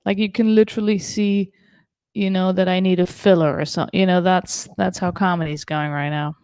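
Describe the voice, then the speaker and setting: Chatty German woman doing stand-up with creak. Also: on the low side, level tone, brisk, a little mellow, no room sound. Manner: chatty, self-deprecating, many fillers. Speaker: stand-up comedian. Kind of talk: stand-up comedy set over video call. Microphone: video call.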